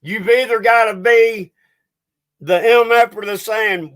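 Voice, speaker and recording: A man's voice: sits high, fairly even intonation, takes it slowly, a bit bright. A man hosting a livestream and ranting angrily, swearing and getting agitated as he talks to his viewers. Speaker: livestream host.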